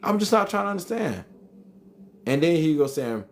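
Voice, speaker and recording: A man's voice: a little high, big pitch swings, moderate pace. A man hosting a live stream, reading chat comments aloud and arguing back with emphatic repetition. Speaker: livestream host reading chat.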